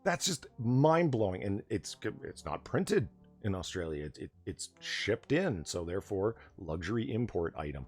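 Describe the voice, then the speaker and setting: A man from the United States hosting a casual late-night chat stream, talking in an animated, profane, ranting way. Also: lowish voice, moderate pace, slightly rough, soft background music. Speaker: stream host.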